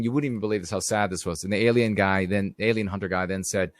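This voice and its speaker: A man's voice: on the low side, fairly even intonation, fast, few pauses, no room sound. A middle-aged man hosting a live stream, telling rambling stories in a casual monologue and talking straight to his viewers. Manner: rambling storyteller, addresses viewers directly.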